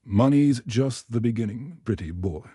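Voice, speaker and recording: A cruel space biker thug sneers his threats, as a man puts him on. The voice is dark and mellow, recorded dry and close. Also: medium pitch, animated, normal speed, slightly rough, no room sound. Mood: sneering.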